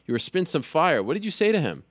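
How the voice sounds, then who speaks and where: A man's voice: fairly high pitch, sing-song, fast talker, no echo. A man hosting an interview show over a headset, upbeat and playful as he introduces a fighter. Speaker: podcast host. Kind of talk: casual interview.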